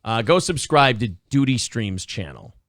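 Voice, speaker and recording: A man's voice: medium pitch, big pitch swings, normal speed. A male host on a live-streamed talk show, chatting sarcastically and profanely and reading donations. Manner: profane, sarcastic, loud outbursts.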